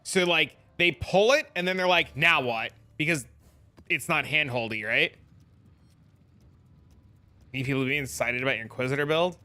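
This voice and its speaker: A man's voice: on the high side, moderate pace, long pauses, bright, forceful tone. A man streaming a game and chatting casually, telling stories and mimicking his chat in repeated, raised voices.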